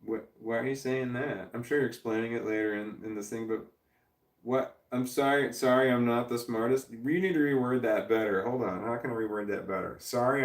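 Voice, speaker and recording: A man in his forties chatting casually on a livestream, rambling, swearing freely and chuckling as he reads viewers' messages. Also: medium pitch. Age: 40s. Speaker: livestreamer reading chat. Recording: roomy sound from a distant mic.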